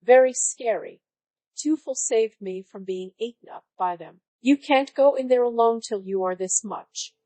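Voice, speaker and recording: A synthetic woman's voice reading the lines of an earnest little girl, unacted, slow and dry. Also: on the high side, warm tone, dry recording, voice pushed up, natural voice, poor audio.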